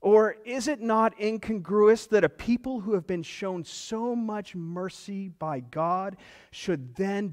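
A man's voice: high-pitched, a little mellow. Man preaching in a reverberant hall. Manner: earnest, emphatic preaching. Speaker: pastor. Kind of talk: sermon.

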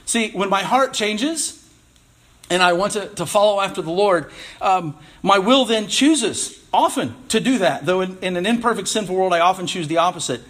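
A man's voice: high voice, expressive, normal speed, fairly bright tone. A man in his thirties, a pastor, preaching an earnest, conversational sermon with restarts and wry asides.

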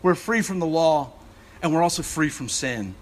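A man delivers a sermon in a fairly high voice. He speaks earnestly, searching for words and doubling back to restart his phrases as he goes. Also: animated, moderate pace. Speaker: assistant rector.

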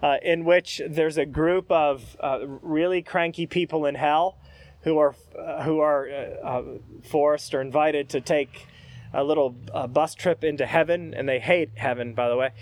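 A man's voice: a little high, steady tone, unhurried. A man preaching a sermon as pastor, conversational and hesitant with fillers.

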